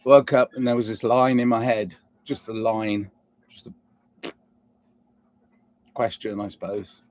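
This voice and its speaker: A man's voice: fairly low pitch, steady tone, takes it slowly, pauses often, dry recording. A man talking alone in a rambling, reflective monologue, asking himself question after question, with a noticeable accent. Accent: non-standard English accent. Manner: rambling, musing, asks himself many questions. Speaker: vlogger.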